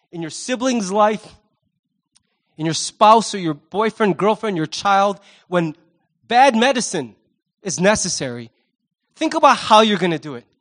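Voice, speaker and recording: A pastor preaching a sermon, animated, acting out the voices he quotes and repeating words as he starts a thought. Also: high voice.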